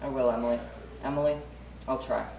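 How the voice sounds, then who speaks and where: A man's voice: mid-range voice, steady tone, vocal fry, darkish tone, lightly acted. A young man in a school play, acting a nervous groom who pleads with his mother. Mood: earnest. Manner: hurried, anxious stage delivery. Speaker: student actor in a school play. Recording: distant stage voice, echoey hall, noisy.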